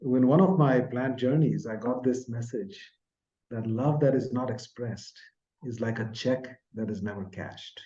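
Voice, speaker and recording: A man in his sixties from India, a podcast guest telling a personal story in an earnest, soft-spoken way that trails off at the ends of phrases. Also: medium pitch, a little slow, dull audio. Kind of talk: reflective storytelling in an interview.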